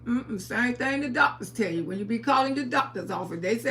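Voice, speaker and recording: High, gravelly older woman chatting live. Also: animated, moderate pace, hardly any pauses, fairly bright tone, slight background noise. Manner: chatty and playful, laughs often, calls viewers sugar and baby. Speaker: livestream host. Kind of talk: casual live-stream chat, greeting viewers.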